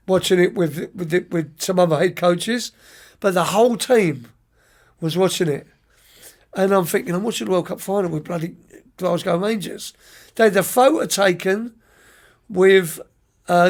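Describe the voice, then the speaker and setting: A middle-aged man, a youth soccer coach, telling lively, rambling stories as a podcast guest, often restarting and repeating words. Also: sits high. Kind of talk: anecdotal storytelling in an interview.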